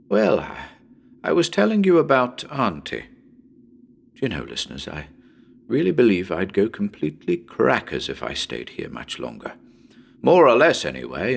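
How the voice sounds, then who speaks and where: A male narrator performs a haunted house story with theatrical flair. His delivery is unhurried, and his pitch leaps and dips all over. He confides in the audience one moment and calls out loudly the next. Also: creaky. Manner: theatrical, chatty asides to listeners, sudden calls and laughs. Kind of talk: dramatic horror story reading.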